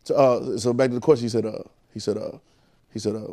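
A man's voice: mid-range voice, fairly even intonation, fast talker, warm tone. A man teaching a Bible class in a preaching style, repeating phrases and calling out questions to the room. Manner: call-and-response, repetitive, emphatic.

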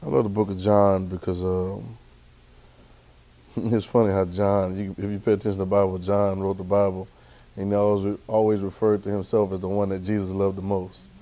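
A man preaching a sermon to a Bible class, colloquial and calling out to his listeners, rising to loud exclamations. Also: little pitch movement, normal speed. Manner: rising to loud, high-pitched exclamations for emphasis; colloquial, calls out to the audience.

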